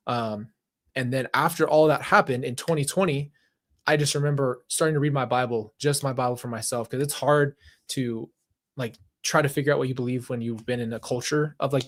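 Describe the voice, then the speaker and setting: Young man telling a heartfelt personal story. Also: medium pitch. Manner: emphatic, conversational, with filler "like" and restarts. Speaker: host. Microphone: handheld mic.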